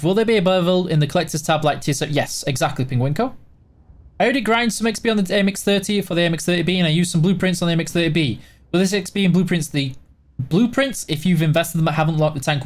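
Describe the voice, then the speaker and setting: Chatty Yorkshire man, slightly high voice. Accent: Yorkshire, softened toward neutral British. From Yorkshire, England. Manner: chatty, reads questions aloud then answers with many "uh"s. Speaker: livestream host answering chat questions. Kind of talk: casual livestream Q&A.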